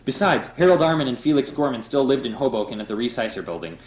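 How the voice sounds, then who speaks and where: A man's voice: medium pitch, fast, poor audio. Man reading a novel aloud, loose and laughing. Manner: loose, laughing, with offhand asides. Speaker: reader.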